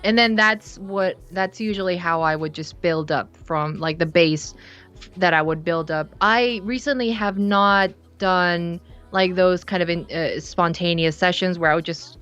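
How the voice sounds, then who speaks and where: A young woman from South Korea, chatting casually in an interview, relaxed and rambling with many fillers and restarts. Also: on the low side, a little slow, smooth, soft background music. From Seoul, South Korea. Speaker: musician guest. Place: her bedroom studio.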